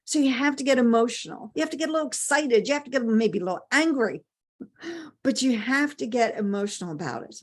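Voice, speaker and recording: A woman's voice: a little high, lively intonation, fast talker. A middle-aged woman giving a motivational talk, emphatic, repeating key phrases and asking rhetorical questions. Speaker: motivational speaker.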